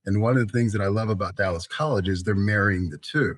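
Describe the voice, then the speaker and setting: Middle-aged man as podcast guest, low voice, unhurried anecdotes, dry close recording. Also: no echo. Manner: measured, storytelling, frequent "you know". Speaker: college president, guest. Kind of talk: podcast interview.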